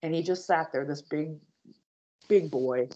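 A woman guest on a podcast, earnestly telling her personal story with halting restarts and speaking straight to her listeners. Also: sits low, warm tone. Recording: dull lo-fi audio.

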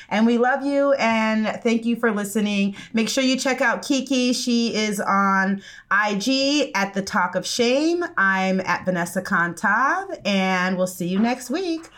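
An American woman with a fairly high voice co-hosts a casual podcast. She talks in a lively, quick rush and fills her sentences with "like.". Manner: animated, fast storytelling full of "like". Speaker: podcast co-host. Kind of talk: casual chat.

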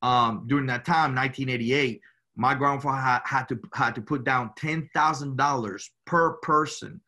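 A man from Cuba talks as an interview guest, telling his story in a loose, rambling way. He keeps adding "you know" and "man" as he goes. His voice is bright and forward. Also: medium pitch, normal speed. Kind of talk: casual storytelling.

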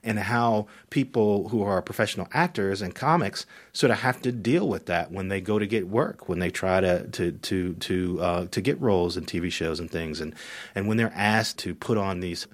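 A man's voice: deep voice, moderate pace. A man speaking as a critic in a radio interview, thoughtful, often repeating words as he starts. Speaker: media critic guest.

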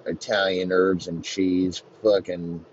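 A low-voiced man rambles through a profane comedic rant on his podcast. His delivery is loose and rambling. The recording is slightly dull, with faint hiss beneath it. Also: level tone, takes it slowly. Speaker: podcast host. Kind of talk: crude comedic sports rant.

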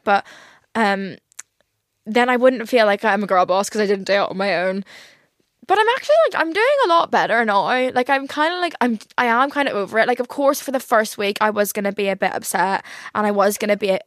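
Young woman, solo podcast host, higher pitch, candid rambling style, dry close mic. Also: fairly bright tone, no room sound. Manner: rambling, candid, full of "like" fillers and swearing. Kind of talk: casual solo podcast chat.

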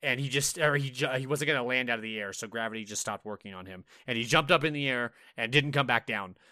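Man, podcast co-host, bright forceful voice, animated, swears a lot, casual gaming chat, dry close mic. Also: mid-range voice, quick pace, no room sound. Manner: animated storyteller, swears, acts out his own reactions.

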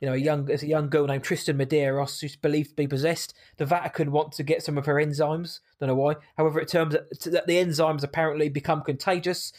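A man co-hosting a podcast, chatting casually and emphatically about a horror film, quick to laugh. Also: a little high, flat delivery. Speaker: podcast co-host. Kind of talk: casual movie-review chat.

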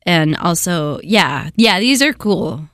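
Lowish-voiced young woman, wry asides. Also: expressive, slow, fairly bright tone, no room sound, studio quality. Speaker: podcast co-host. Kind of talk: casual chat.

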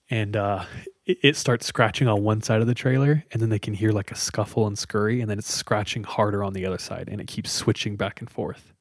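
A man with a lowish voice casually retells a scary story to friends, chatty and loose with plenty of fillers. The recording is dry and studio quality.

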